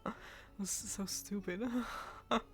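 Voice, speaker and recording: A woman's voice: medium pitch, steady tone, slow, fairly bright tone. A woman streaming live, chatting casually about games while sick and congested, laughing often.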